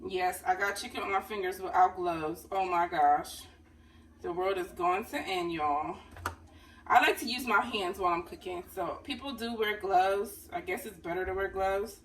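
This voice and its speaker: A woman's voice: mid-range voice, normal speed, recorded from a distance. A woman vlogger, chatting to her viewers as she cooks dinner and calling them honey. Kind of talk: casual cooking vlog. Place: home kitchen. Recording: voice a bit off-mic with faint room noise.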